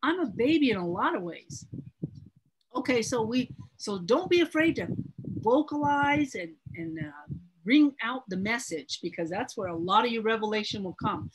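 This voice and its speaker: A woman's voice: a little high, lively intonation, normal speed, background noise. A woman teaching a Bible study class in an earnest, emphatic way, often repeating her words.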